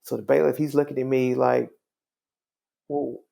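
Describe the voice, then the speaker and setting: This is a middle-aged man who serves as a judge, recounting an experience during an interview. His voice is gravelly and pitched in an ordinary male range, and he keeps his telling calm and wry, with many conversational asides. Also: quick pace. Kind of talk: storytelling in an interview.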